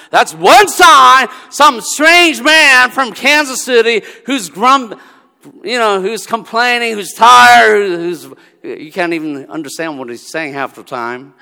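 Bright-voiced preacher in a big hall. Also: male voice, sits high, clear, resonant tone. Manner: conversational storytelling, acting out dialogue. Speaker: pastor. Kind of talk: sermon. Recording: long reverb of a large hall.

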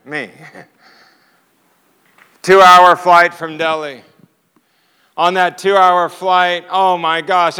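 A man telling a personal testimony as a sermon, animated and storytelling. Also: sits high, smooth, big-room sound. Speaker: preacher.

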